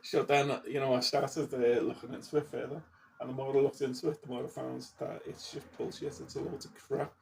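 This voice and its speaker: A man's voice: mid-range voice, a little fast, gravelly. A man vlogging in a casual, blunt rant, swearing constantly and getting worked up as he talks. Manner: heavy swearing, blunt and heated; gets animated and worked up. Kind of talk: casual ranting monologue. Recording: distant mic with faint background noise.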